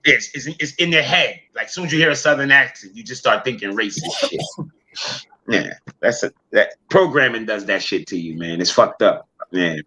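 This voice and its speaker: A man's voice: mid-range voice, expressive, moderate pace, pushed and bright. An American man from the northern US, talking football on a casual panel in a blunt, profane, repetitive way. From northern United States. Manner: blunt and profane, repeats himself.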